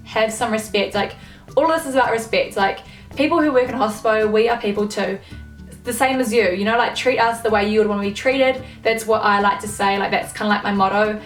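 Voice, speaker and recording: Young woman, exasperated swearing vlog rant, mid pitch, echoey room, mic set back. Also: fairly quick, recorded from a distance, faint music behind. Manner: swears a lot, filler-heavy, exasperated. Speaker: vlogger. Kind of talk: casual ranting monologue.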